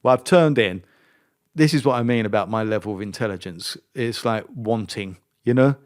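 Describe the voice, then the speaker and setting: A middle-aged man, a former racing driver and podcast guest, telling a story in a lively, self-mocking way and acting out the dialogue. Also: fairly low pitch, normal speed. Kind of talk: anecdotal storytelling interview.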